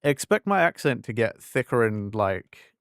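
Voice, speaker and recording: A man's voice: mid-range voice, sing-song, unhurried, clean tone, no room sound, studio quality. A man from England with an English accent, chatting casually on a game stream and acting out conversations as he rambles on. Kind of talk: casual live-stream chat.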